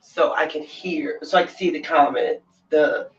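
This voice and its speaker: A man's voice: a little high, steady tone, unhurried. A man hosting a casual live stream from his bedroom, giggly and effusive, laughing often. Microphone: laptop mic at a distance. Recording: dull sound from a distant laptop mic.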